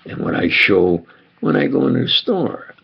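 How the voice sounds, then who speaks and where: An older American man with a heavily gravelly, husky voice rambles through a spontaneous recollection, stopping often for fillers and restarts. The sound is dull and lo-fi, like a home video recorded on a device mic. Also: lowish voice, sing-song, measured pace. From United States. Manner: meandering, with frequent fillers and restarts. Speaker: self-styled preacher recounting memories.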